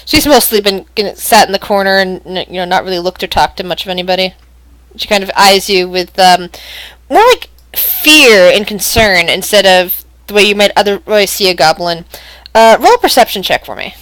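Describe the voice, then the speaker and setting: A woman's voice: mid-range voice, fairly quick, a bit bright, dry recording, low-quality recording. Chatty woman game master. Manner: chatty, rambling, laughs often. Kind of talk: narrating a tabletop game online.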